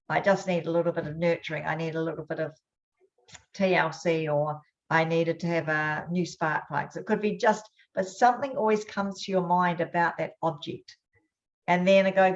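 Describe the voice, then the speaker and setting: Aussie woman running a webinar, chatty upbeat talk in quick bursts, kinda low voice, muffled call audio. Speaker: hypnosis trainer hosting a webinar.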